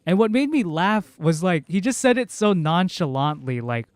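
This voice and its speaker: A man's voice: high voice, big pitch swings, moderate pace, hardly any pauses, dry recording. A young American man rambling chattily through a casual livestream, laughing often. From United States. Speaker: streamer.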